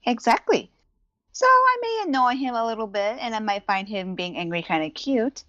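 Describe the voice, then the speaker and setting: A woman's voice: a little high, sing-song, normal speed, sharp tone, no echo, lo-fi sound, voice pushed up. A woman voicing a confident, teasing young woman adventurer in a tabletop role-play game. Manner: cheeky, playful.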